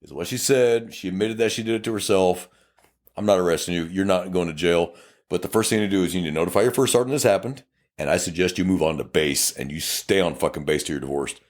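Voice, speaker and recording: Deep-voiced and fast, this South Texas police officer tells a story on the podcast he co-hosts, swearing heavily and animatedly performing the dialogue in relaxed conversation.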